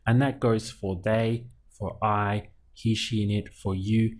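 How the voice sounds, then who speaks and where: A man's voice: lowish voice, steady tone, slow pace. A man teaching Spanish verbs in a lesson, drilling each word patiently and stretching the syllables to show where the stress falls. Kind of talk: language lesson.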